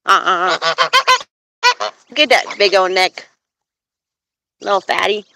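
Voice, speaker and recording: A woman's voice: medium pitch, huge pitch swings, slow, sharp tone, slight background noise. A young woman live-streaming outdoors by phone, cooing in baby talk to her pet geese and chatting to viewers. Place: outdoors with geese and other animals.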